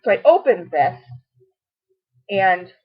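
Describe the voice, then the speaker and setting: A woman's voice: mid-range voice, sing-song, slow, husky. A middle-aged woman gushing through a casual product review to camera, chatty and full of asides. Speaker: beauty and home product vlogger. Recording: dull lo-fi home video audio.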